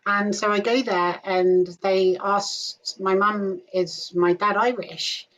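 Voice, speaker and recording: A woman's voice: medium pitch, steady tone, slow pace. A woman from the UK hosting an interview show, friendly and upbeat as she asks her questions. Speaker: show host. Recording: dull lo-fi sound.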